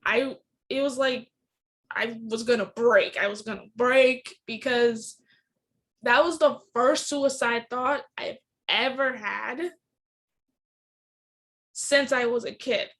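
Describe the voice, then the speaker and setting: A young adult woman hosts her own podcast and tells a painful personal story. Her voice sits high, and she speaks earnestly and candidly, with feeling and frequent restarts. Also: slow, pauses often, a bit bright. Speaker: podcast host.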